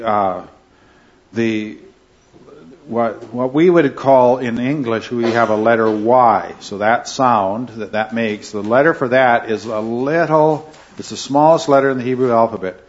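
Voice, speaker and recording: A man of ordinary pitch leads an informal Bible class in a classroom. He rambles and halts, restarting sentences and filling pauses. The recording is slightly muffled. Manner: rambling, halting, with many fillers and restarts. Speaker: Bible study teacher. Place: indoor classroom with a wall clock.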